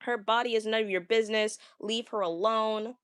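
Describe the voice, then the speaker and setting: A young woman talking casually, ranting to viewers, stammering and repeating words, with a fairly deep voice for a woman. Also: fairly even intonation, moderate pace, fairly bright tone, smooth, dry recording, studio quality. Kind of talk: casual rant.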